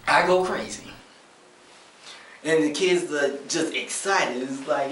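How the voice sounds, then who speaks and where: Stand-up comic guy, slow exasperated storytelling, echoey room, faint background noise. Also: on the high side, animated, fairly bright tone, far from the mic. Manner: exasperated storytelling with acted-out quotes. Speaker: stand-up comedian. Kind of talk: stand-up comedy routine.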